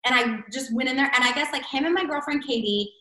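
A woman's voice: sits high, quick pace, pushed and bright, reverberant, low-quality recording. A woman telling a personal story in casual chat, full of "like" and "I'm like" fillers. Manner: chatty, many fillers and "like". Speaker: guest.

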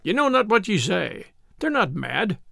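A man's voice: sits high, sing-song, unhurried, gravelly, sharp tone, no room sound, clean studio sound, heavily acted. A man voicing a stern, arrogant nobleman who speaks sharply and commandingly in an old-fashioned storybook tale.

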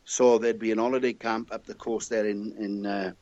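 Older Welsh guy, jovial storyteller, lowish voice, dry dull lo-fi take. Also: little pitch movement, normal speed, a little mellow, no echo. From Wales. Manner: chatty, jovial anecdote teller. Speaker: guest. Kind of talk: casual interview storytelling.

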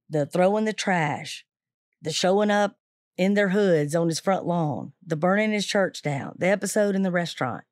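A woman teacher retelling a true story to listeners, lively and acting out the quoted voices. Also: fairly low pitch, no room sound, clean studio sound.

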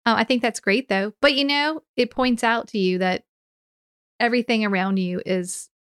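A woman's voice: fairly high pitch, a bit bright, clean tone. A woman co-hosting a podcast, chatting casually and reacting encouragingly to her partner. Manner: encouraging listener, quick reactions. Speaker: podcast co-host. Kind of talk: casual chat.

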